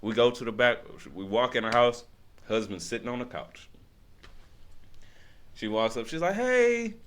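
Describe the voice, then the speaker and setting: A podcast guest tells a long story in casual conversation, animated and laughing often as he acts out what other people said. His voice is fairly low and his pace moderate.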